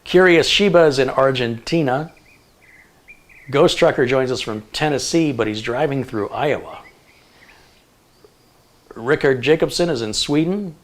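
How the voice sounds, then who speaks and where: A middle-aged man hosts a tech livestream in an easy, chatty way. He reads through names and places and keeps breaking off for quick jokes. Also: medium pitch. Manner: chatty, jokey asides while reading a list. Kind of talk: casual livestream chat, reading viewer locations.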